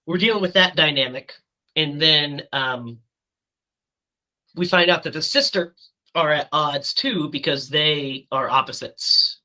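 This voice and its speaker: A woman co-hosting a casual movie podcast, chatty and quick to laugh, talking while she has the hiccups. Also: low-pitched, bright, forceful tone. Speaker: podcast co-host.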